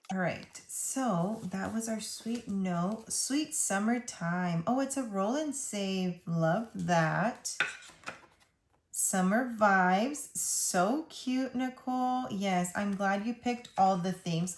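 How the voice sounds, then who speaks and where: A woman hosts a casual budgeting vlog, chatting and gushing as she unwraps packages and reads the notes out loud. Her voice sits at an ordinary middle pitch. The room around her is echoey, with a faint hiss underneath. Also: slow pace. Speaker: budgeting channel host. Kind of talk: casual vlog, opening mail.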